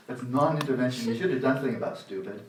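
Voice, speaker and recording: A man in his sixties giving a dharma talk at a meditation retreat, sarcastic and animated, acting out the inner voices of his students. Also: medium pitch. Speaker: meditation teacher. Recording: roomy hall, voice from the mic's distance.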